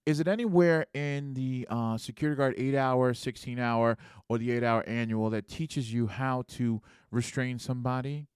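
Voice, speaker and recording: A pushy lawyer, voiced by a man, presses a witness with pointed questions. The voice is smooth and clear at an ordinary pitch. It is recorded close and dry. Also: moderate pace, hardly any pauses, no room sound, lightly acted. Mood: pressing. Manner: pointed, interrogating. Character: pushy male lawyer cross-examining a witness.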